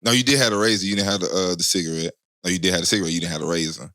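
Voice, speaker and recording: A man's voice: sits low, steady tone, very fast, sharp tone, dry recording, studio quality. A man hosting a podcast, trading loose, slang-heavy banter and laughing often in casual chat.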